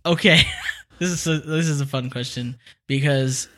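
A man's voice: fairly high pitch, normal speed, sharp tone. A man from California, co-hosting a podcast in casual chat, laughing often and joking. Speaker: podcast co-host.

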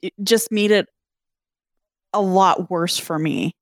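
A woman co-hosting a podcast, giving her opinion in a halting, hesitant way. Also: on the low side, dry recording, studio quality. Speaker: podcast co-host. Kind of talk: casual chat.

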